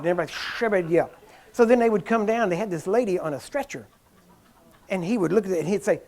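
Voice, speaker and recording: Animated, laughing storytelling preacher. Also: male voice, high voice, quick pace. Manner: animated, laughs while telling stories, acts out the people he describes; grows louder and more excited as the story builds. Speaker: preacher teaching on healing. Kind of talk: storytelling sermon talk.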